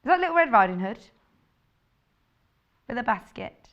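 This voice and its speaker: A woman with a low, husky voice, chatting in a bubbly way as she presents a live TV shopping show. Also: sing-song, moderate pace, lo-fi sound. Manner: bubbly, chatty, laughs often. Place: TV studio.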